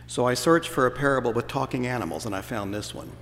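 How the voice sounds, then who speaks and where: A man's voice: medium pitch, quick pace, a bit bright, a little hiss or hum. A man preaching a sermon as pastor, telling stories in a folksy, playful way to his congregation. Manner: folksy storytelling with playful voices. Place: church sanctuary. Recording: church hall reverb.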